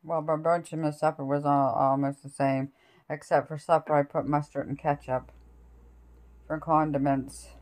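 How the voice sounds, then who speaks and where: A woman's voice: deep voice, level tone, normal speed, a little mellow, no echo. A woman from Canada chatting casually on a phone camera, out of breath from outdoor work. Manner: chatty, laughs often, talks to her cats in a sweet baby voice. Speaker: vlogger. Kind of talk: casual vlog chat. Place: outdoors at a rural woodpile, then indoors at home. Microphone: handheld phone camera.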